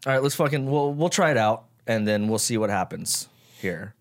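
Male podcast host, lowish voice, swears freely, laid-back bro banter. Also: lively intonation, moderate pace. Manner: loose and profane, calls the guest bro. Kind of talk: casual podcast chat.

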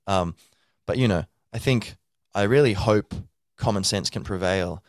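A man's voice: lowish voice, measured pace, no room sound, clean studio sound. A man hosting a podcast, talking casually in a loose, rambling monologue full of fillers and restarts. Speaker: podcast host.

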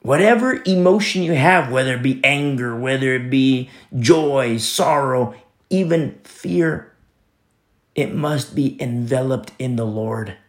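A man preaching a sermon, stressing points by repeating phrases and telling stories with casual asides. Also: mid-range voice. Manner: storytelling asides with fillers.

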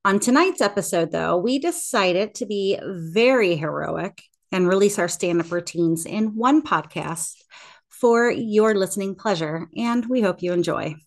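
A woman hosting a podcast, introducing the episode in a friendly, slightly halting way. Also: medium pitch, animated. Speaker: podcast host.

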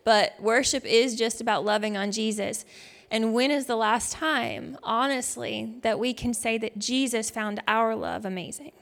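Woman, worship leader, conversational and heartfelt, voice a touch higher than most. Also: fairly even intonation, a little slow, vocal fry. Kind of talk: devotional teaching talk.

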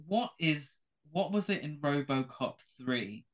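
A man on a casual podcast, telling stories in a campy, giggly, animated way. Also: a little high, unhurried.

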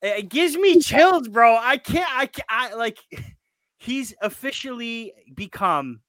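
A man hosting a casual sports chat, excitable and emotional, often repeating his words. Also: very high-pitched, slow, dry recording. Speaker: podcast host.

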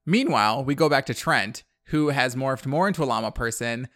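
A man's voice: mid-range voice, lively intonation, a little fast, a bit bright. A man hosting a podcast who casually recaps a movie in a rambling way, leaning on the word "like" and laughing at his own retelling.

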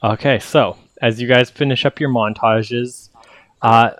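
A man's voice: mid-range voice, fairly even intonation, unhurried, a bit bright, dry recording. A man narrating as game master, rambling and correcting himself as he explains the scene.

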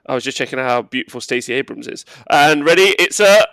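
Young male player, jokey deadpan, bright voice, close and dry. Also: medium pitch, quick pace, dry recording, rough recording. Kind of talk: casual chat.

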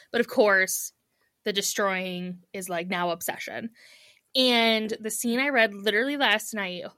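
A woman's voice: medium pitch, sharp tone, no echo, studio quality. A woman co-hosting a book podcast, chatting in an enthusiastic, bubbly way. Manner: bubbly, enthusiastic, quick laughs. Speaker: podcast co-host. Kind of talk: casual chat.

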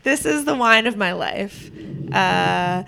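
A woman's voice: mid-range voice, expressive, slow pace, creaky, bright, forceful tone, a little hiss or hum. A woman co-hosting a podcast in casual chat, gushing as she thanks listeners and reads their reviews. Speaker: podcast co-host.

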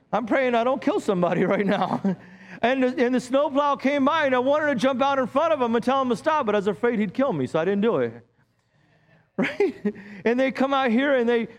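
A middle-aged man, a pastor, preaching a sermon in a church with lively, joking storytelling. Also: very high-pitched.

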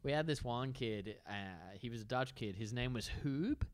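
A man's voice: mid-range voice, moderate pace. Rambling man telling stories. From grew up abroad among expat kids, now in Australia. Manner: rambling, heavy use of "like", laughs often. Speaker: podcast co-host. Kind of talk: casual storytelling chat.

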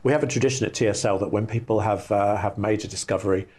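A man's voice: fairly low pitch, fairly even intonation, fast talker, a little mellow, husky. A middle-aged man who directs a research institute, answering interview questions with enthusiastic explanations.

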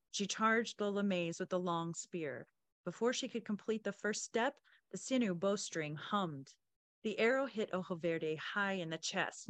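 A woman podcast host reading a story aloud in a steady, engaged way. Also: lowish voice, no room sound.

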